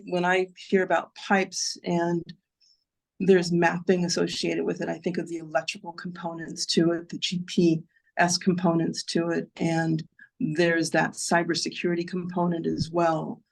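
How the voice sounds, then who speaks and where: A neighborhood commissioner asking a long question at a public meeting, polite and halting with many fillers. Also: medium pitch, vocal fry, a little mellow.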